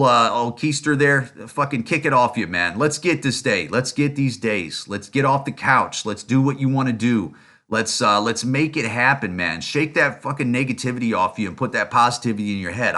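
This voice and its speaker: A man's voice: mid-range voice, sharp tone. A man hosting his own podcast, giving a blunt, profane solo rant full of fillers, restarts and repeated rhetorical questions. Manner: rapid, rising rhetorical questions. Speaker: podcast host.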